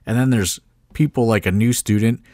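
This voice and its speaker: A man with a low voice co-hosts a casual podcast chat, recorded close and dry on a mic. He rambles through backstage stories with plenty of fillers and the odd curse. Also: normal speed, mellow, no room sound. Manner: rambling, filler-heavy storytelling with mild swearing. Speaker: podcast co-host, wrestling promoter.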